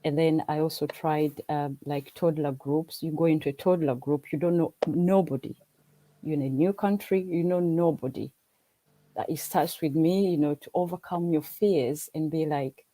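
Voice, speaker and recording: A woman's voice: low voice, fairly even intonation, moderate pace, warm tone, rough recording. A Ugandan woman for whom English is a second language, chatting earnestly on a video call and often repeating herself as she restarts. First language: not English. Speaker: livestream guest. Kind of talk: casual chat.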